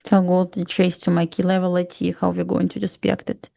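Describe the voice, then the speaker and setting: A woman's voice: on the low side, monotone, normal speed, creaky, mellow, dry recording, studio quality. A woman with a Russian accent co-hosting a live trading stream, pronouncing every letter carefully in casual chat.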